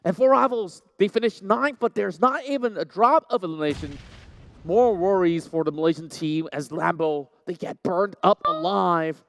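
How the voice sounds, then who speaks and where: Excited male esports caster. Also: high-pitched, creaky, dry recording. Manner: energetic, fast-shifting delivery with sudden excited bursts. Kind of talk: live play-by-play commentary.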